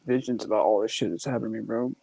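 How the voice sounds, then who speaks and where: A man's voice: fairly low pitch, racing, vocal fry, over a noisy crowd. A man guest in a casual podcast chat, telling stories insistently, repeating himself and swearing.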